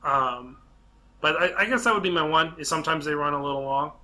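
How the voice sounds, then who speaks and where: A man's voice: fairly high pitch, a little fast, pushed and bright. A young man hosting a casual podcast, rambling enthusiastically about films with many restarts and fillers. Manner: rambling, restarts often, enthusiastic film fan. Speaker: podcast host. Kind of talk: casual chat.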